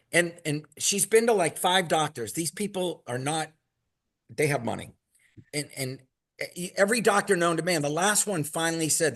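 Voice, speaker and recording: A man telling a long, rambling story in a casual, animated way and acting out what others said. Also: a little high, moderate pace. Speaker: product maker telling stories as a guest.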